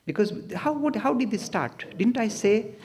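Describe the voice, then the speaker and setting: A man's voice: high voice, animated, normal speed, a little mellow. A man giving an emphatic public lecture, often slipping into playful acted-out voices as he makes his points. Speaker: lecturer on religion.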